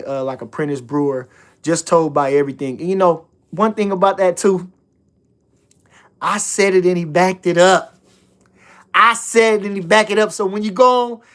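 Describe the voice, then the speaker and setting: A man's voice: on the high side, fairly bright tone. A man hosting a casual livestream, hyped and repeating himself, swearing freely. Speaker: livestream host talking boxing.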